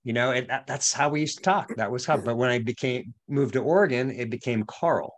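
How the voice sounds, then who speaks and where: A man's voice: medium pitch, fairly quick. Conversational male podcast host. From Boston area. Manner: conversational, asks leading questions. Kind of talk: interview chat.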